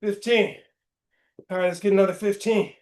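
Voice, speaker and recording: A man's voice: high-pitched, steady tone, a little mellow. A male fitness coach leading a live workout, counting reps aloud between short chatty asides, straining from the effort. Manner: slow, deliberate counting while exercising, with brief chatty asides. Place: indoor gym studio. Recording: echoey gym room.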